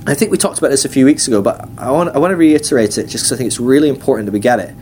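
A man's voice: mid-range voice, rapid-fire, a little mellow, slight background noise. A man giving a casual, chatty Bible class, acting out quotes in different voices. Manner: chatty, uses many fillers and acts out quotes. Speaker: teacher at a ministry school. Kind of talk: casual teaching talk.

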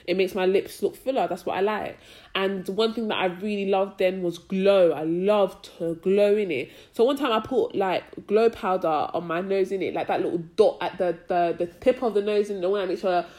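A young woman, chatting casually as a podcast co-host, often asking "do you know what I mean" and getting loud when she rants. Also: mid-range voice. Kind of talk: casual chat.

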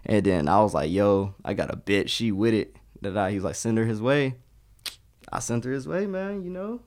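A man's voice: lowish voice, animated, moderate pace, darkish tone. A young man, a guest telling rambling, profane stories and acting out the dialogue. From Detroit, US. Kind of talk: casual chat.

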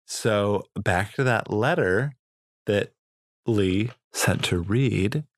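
A man hosting a casual history podcast, telling the story with lively dramatic asides and swearing. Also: on the low side, very slow.

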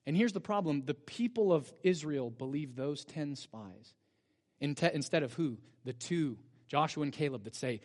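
A man's voice: fairly high pitch, expressive, moderate pace, a little mellow. A male pastor preaching a sermon, telling the story with energy and asking the congregation rhetorical questions. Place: church sanctuary. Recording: long church-hall reverb.

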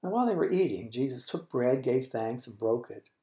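Guy teaching scripture on his podcast, warm mellow tone, slow and thoughtful, roomy echo. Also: mid-range voice, lively intonation. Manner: unhurried, thoughtful, drops to a whisper for quoted lines. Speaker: podcast host and Bible teacher.

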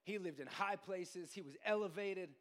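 Brief: male preacher, sermon in a church hall, long reverb, rises from soft retelling to sing-song shouting. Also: sits high, moderate pace. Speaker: pastor. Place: church sanctuary.

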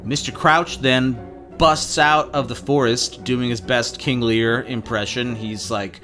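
Man, podcast host, sardonic recap, average pitch, faint music behind. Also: fairly even intonation, sharp tone. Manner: sardonic, profane, quick asides. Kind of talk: comedic chapter recap.

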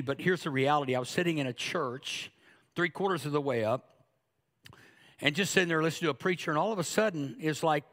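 A man's voice: a little high, a bit bright. A man in his fifties preaching a sermon, joking and acting out little asides in a conversational way. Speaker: pastor.

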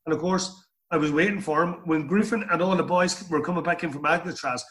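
A man's voice: a little high, fairly quick, fairly bright tone. Irish man telling a rambling anecdote. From Ireland. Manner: rambling anecdotal storyteller, repeats words. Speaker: guest. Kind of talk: storytelling interview.

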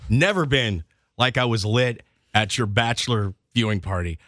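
A man hosting a casual chat, telling stories in a jokey, animated way. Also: mid-range voice, normal speed, no room sound, clean studio sound. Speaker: podcast host.

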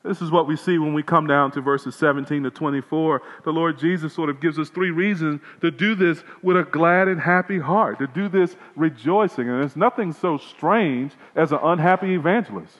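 A male pastor delivering a sermon, moving between loud proclamation and quiet pleading. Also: a little high, moderate pace, few pauses. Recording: lo-fi with long reverb, hall.

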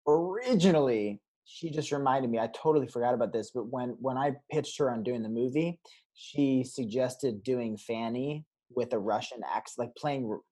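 A man as a guest on a casual podcast interview, rambling through animated stories. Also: medium pitch, moderate pace. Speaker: guest filmmaker.

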